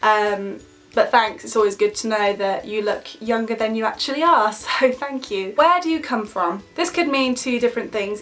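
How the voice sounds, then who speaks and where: A woman's voice: on the high side, fairly bright tone. A woman in her twenties with an English Midlands accent, chatting casually through a Q&A vlog with lots of "like" fillers. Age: 20s. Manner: chatty and bubbly, many "like" fillers. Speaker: YouTuber.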